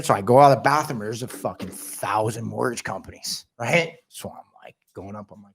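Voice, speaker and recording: A man telling a story as a podcast guest, loud, slangy and full of swearing. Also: on the low side, moderate pace, vocal fry, breathy edge, no echo. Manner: loud, heavily profane, fired-up storytelling; slangy, calls listeners bro and dude. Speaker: podcast guest, realty company head. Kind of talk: casual storytelling chat.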